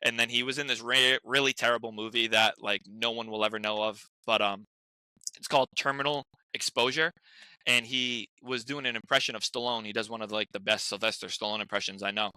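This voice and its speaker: Young man from Rhode Island, rambling storyteller, very bright voice, dry sound. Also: medium pitch, steady tone, fairly quick, clean tone, no echo. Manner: rambling storyteller, many restarts and "like"s. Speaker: guest actor. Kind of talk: casual chat.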